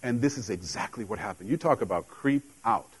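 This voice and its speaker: A man's voice: fairly low pitch, animated, fairly quick, husky, rough recording. Man preaching a casual sermon. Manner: conversational preaching, jokes and laughs with the congregation. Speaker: pastor. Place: church.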